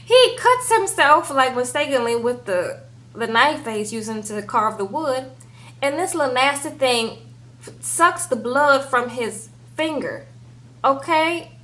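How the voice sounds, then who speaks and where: A woman giving a casual, animated recap of a TV episode, peppering it with "girl" and "okay?". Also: high voice, measured pace, rough recording. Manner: chatty, animated, says "girl" and "okay?" often. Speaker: TV show recap reviewer.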